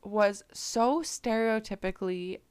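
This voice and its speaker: A woman's voice: mid-range voice, takes it slowly, darkish tone, clean tone. Giggly, rambling young woman. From Canada. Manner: giggly, rambling storyteller, laughs through words. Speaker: podcast co-host. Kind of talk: casual chat.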